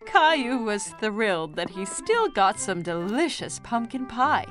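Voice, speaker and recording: A woman narrating a preschool cartoon in a gentle storybook manner. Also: medium pitch, big pitch swings, measured pace, faint music behind.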